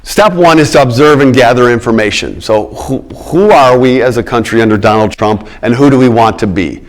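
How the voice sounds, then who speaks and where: A man's voice: medium pitch, a little fast. A middle-aged man giving a public lecture on politics, emphatic, repeating his key words and checking in with the audience.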